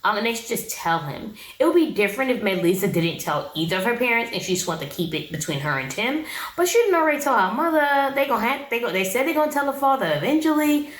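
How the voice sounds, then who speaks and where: A woman's voice: a little high, sing-song, fast, reverberant, rough recording. A young woman giving a casual, opinionated recap of a reality show in a slangy, chatty way.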